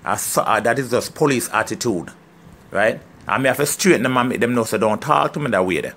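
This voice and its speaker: A man's voice: medium pitch, animated, a little fast, fairly bright tone, a little hiss or hum. A middle-aged Jamaican man speaks straight to his viewers in a heated, emphatic rant. His Jamaican accent is strong, and he keeps driving each point home by asking if he is understood. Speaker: farmer. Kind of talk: casual vlog rant.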